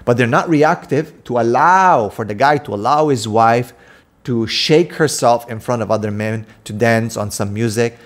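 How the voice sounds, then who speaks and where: A man giving an impassioned preaching monologue as an Islamic preacher, scolding his listeners and firing off rhetorical questions. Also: medium pitch.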